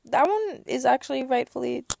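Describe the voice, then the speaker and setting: A young woman hosts a casual podcast, telling stories with sarcastic rants and quick acted-out dialogue. Her voice sits high with plenty of gravelly fry. The sound is dry and close, with no room around it. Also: no room sound. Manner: animated storytelling, sarcastic rants, acts out dialogue. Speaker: podcast host. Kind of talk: casual chat.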